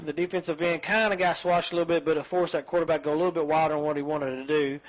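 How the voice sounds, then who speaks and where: A man calling high school football play-by-play in a folksy, chatty way. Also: racing, poor audio. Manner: folksy, chatty, excitable on big plays. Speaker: play-by-play announcer.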